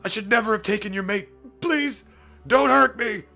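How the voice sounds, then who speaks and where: A man doing a frantic high-pitched coward. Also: normal speed, creaky, bright, forceful tone, faint music behind, heavily acted. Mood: panicked. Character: panicked cowardly alien man, pleading.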